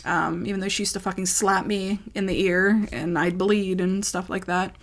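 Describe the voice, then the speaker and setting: A woman's voice: mid-range voice, fairly even intonation, moderate pace. A woman telling a personal story in a vlog, in a rambling, emotional way with lots of fillers. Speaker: ASMR creator.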